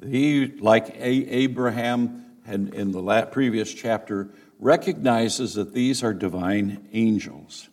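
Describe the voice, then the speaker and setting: A male pastor preaching an expository sermon, explaining scripture verse by verse with deliberate emphasis. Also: lowish voice, a little mellow. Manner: deliberate, emphatic teaching delivery.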